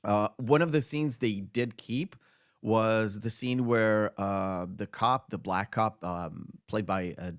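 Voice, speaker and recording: A man's voice: lowish voice, takes it slowly, smooth, no room sound, studio quality. A man hosting a casual movie podcast, rambling through trivia with many fillers and restarts. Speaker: podcast host.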